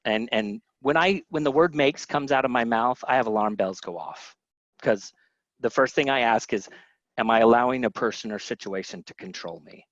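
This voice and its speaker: A man's voice: mid-range voice, moderate pace, fairly bright tone, no echo. A middle-aged man with a Southern American accent, teaching a family health webinar in a casual, chatty way, often restarting sentences. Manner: chatty, self-interrupting storyteller who acts out quotes. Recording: dry, dull lo-fi webinar audio.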